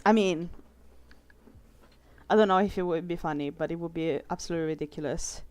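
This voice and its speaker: Chatty young woman, smooth clear voice. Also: fairly low pitch, a little fast, a little mellow. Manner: chatty and rambling, swears casually, laughs often. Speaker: artist streaming a drawing session. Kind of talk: casual chat while drawing.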